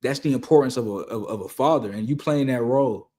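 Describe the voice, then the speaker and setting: A young man talks through viewer questions in a relaxed, conversational way. He drops slang and repeats his key lines for emphasis. His voice sits at an ordinary middle pitch. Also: fast talker. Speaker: host answering viewer questions. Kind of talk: casual motivational Q&A talk.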